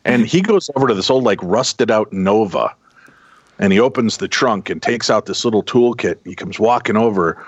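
A middle-aged man casually telling a long personal story, animated and acting out the people in it. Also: on the low side, moderate pace, breathy edge, no echo. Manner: animated anecdotal, voices quoted people. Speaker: podcast guest telling a story. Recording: dull, dry close sound.

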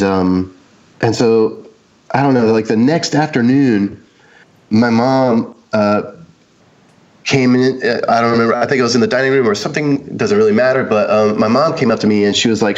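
Lo-fi audio captures a man with a mid-range voice relating a personal story as a guest. He drifts casually from point to point, leaning on "um" and "like" and acting out whatever people said.

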